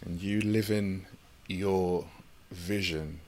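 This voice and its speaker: A man's voice: low-pitched, steady tone, slow pace, a little mellow. A man hosting a podcast who reflects back on what his guest says and affirms it. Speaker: podcast host. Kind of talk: casual conversational interview.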